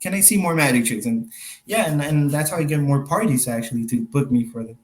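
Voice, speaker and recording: Young male magician guest, slightly high voice, chatty storyteller who laughs a lot and voices the people in his stories. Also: animated, fast talker, poor audio. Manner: rambling storyteller, laughs often, acts out quotes. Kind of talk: casual podcast interview.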